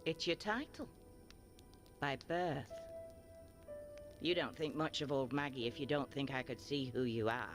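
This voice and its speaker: An actress playing a gruff old blind woman seer in a video game, blunt and wry. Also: very deep voice, a little slow, long pauses, over music. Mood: knowing. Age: older. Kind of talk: game voice acting.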